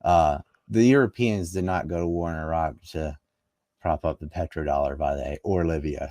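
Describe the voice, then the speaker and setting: Deep-voiced emphatic man, dry close sound. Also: darkish tone, dry recording. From North Carolina, US. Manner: emphatic, rapid-fire rhetorical questions. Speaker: political commentator. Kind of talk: conversational interview.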